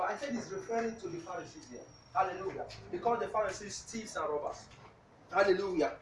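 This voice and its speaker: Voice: mid-range voice, quick pace, a little hiss or hum. A preacher delivering a sermon, reading scripture aloud and punctuating almost every point with hallelujah while quizzing the congregation. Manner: asks the congregation questions. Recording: echoey room, voice from a distance.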